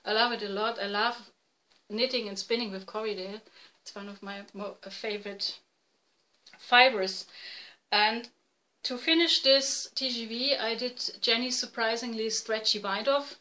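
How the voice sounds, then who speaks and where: Bright-voiced German woman in her forties. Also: a little high, steady tone, poor audio. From East Germany. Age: 40s. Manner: halting, self-correcting non-native English. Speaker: podcast host. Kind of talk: casual video podcast chat. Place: home room, dim light.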